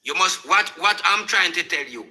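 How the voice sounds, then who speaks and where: A man's voice: sits high, lively intonation, normal speed, pushed and bright. A Jamaican man arguing in a live discussion, insisting that his words not be twisted. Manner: insistent, argumentative. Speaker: live stream participant.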